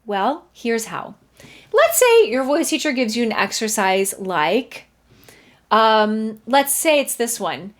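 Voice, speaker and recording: Voice teacher, woman, 30s, bubbly talker, swoops high when demonstrating. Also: slow pace. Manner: chatty, animated, breaks into sung vocal examples. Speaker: voice teacher and podcast host. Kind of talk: podcast singing lesson with sung demonstrations. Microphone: studio mic.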